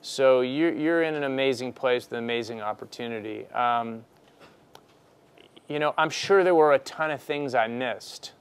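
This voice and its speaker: Smooth-voiced man telling a business story. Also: mid-range voice, moderate pace. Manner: conversational, frequent restarts and "you know". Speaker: entrepreneur speaking to students. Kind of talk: personal storytelling talk.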